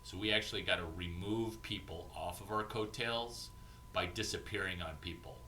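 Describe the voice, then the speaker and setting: A man giving an informal, profane coaching talk as an entrepreneurship mentor, animated and acting out bits of banter. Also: low voice, moderate pace, slight background noise.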